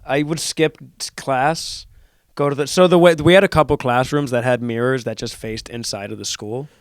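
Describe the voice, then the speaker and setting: A man's voice: mid-range voice, steady tone, normal speed, clean tone, no room sound, studio quality. A young man co-hosting a podcast, telling rambling, profane stories in casual chat. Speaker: podcast co-host.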